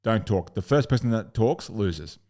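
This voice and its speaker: A man's voice: on the low side, expressive, moderate pace, dark tone. A man coaching sales in a recorded lesson, blunt and upbeat, swearing casually and acting out customer calls.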